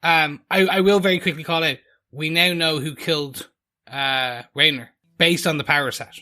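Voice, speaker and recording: A man's voice: a little high, fairly even intonation, sharp tone. An Irish man co-hosting a podcast, chatting casually and correcting himself as he goes. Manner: quick, chatty, self-correcting. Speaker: podcast co-host. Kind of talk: casual chat.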